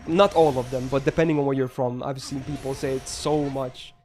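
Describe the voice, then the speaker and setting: A man's voice: mid-range voice, fairly even intonation, fairly quick, a little mellow, soft background music. A man streaming a game live, ranting emphatically and answering his chat.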